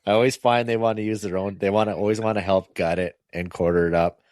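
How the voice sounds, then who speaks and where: A man's voice: lowish voice, steady tone, fast talker, a little mellow, no echo, studio quality. A man hosting a hunting podcast, telling guiding stories in casual chat, swearing often and acting out his clients. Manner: profane, laughing, acts out client voices. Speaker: podcast host, hunting guide.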